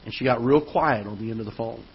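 A man's voice: medium pitch, fast talker, slightly rough, lo-fi sound. A man preaching a sermon as pastor, telling a story that builds into emphatic preaching. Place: church auditorium.

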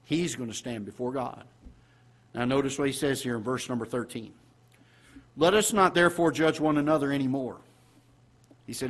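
A man pastor with a Southern American accent, preaching a sermon in a church auditorium, asking the congregation questions and swinging from loud exclamations to quiet asides. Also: medium pitch, moderate pace, long pauses.

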